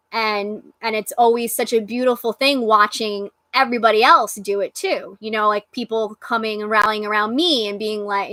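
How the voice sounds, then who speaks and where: A woman's voice: medium pitch, pushed and bright, no echo. A young woman from New York hosting a live stream, talking earnestly and emotionally to her viewers. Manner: earnest, emotional, reads out chat comments. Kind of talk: casual live stream chat.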